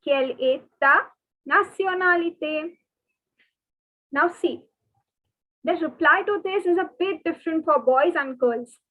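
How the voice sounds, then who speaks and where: A high-pitched woman gives an online French lesson, speaking slowly and patiently. She repeats each phrase and spells words out letter by letter. Her voice comes through thin and tinny, like a phone line. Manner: slow, repetitive, spells words out and drills pronunciation. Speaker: French teacher. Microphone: video call. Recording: tinny phone-like webinar audio.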